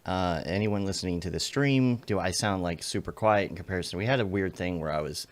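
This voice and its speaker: A man's voice: low voice, fairly quick. A man hosting a podcast livestream, chatting casually and greeting listeners by name in a playful, upbeat way. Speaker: podcast host. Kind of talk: casual pre-show chat on a livestream. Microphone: remote call setup.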